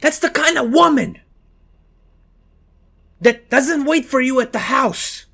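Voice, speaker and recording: A man's voice: extremely high pitch, lively intonation, takes it slowly, vocal fry, a bit bright, slightly rough. A man reacting to a song with laid-back, joking comments.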